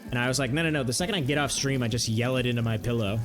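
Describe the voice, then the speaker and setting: A man's voice: mid-range voice, very fast, a bit bright, soft background music. A young man streaming a game, riffing jokes to his chat and laughing often. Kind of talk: casual livestream banter while gaming.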